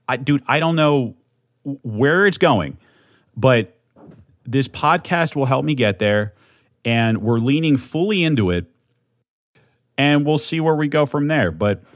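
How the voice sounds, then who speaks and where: At a desk mic, a young man hosts a solo podcast in a medium-pitched voice, captured as a dry, clean studio recording. He's amped and rambling, swearing a lot and restarting often.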